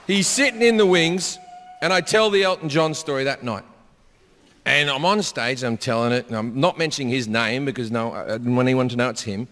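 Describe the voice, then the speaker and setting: A man performing a stand-up comedy set on stage. He tells profane stories and mimics people in loud bursts. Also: on the high side. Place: comedy stage before a live audience. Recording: live stage with long hall reverb and faint crowd ambience.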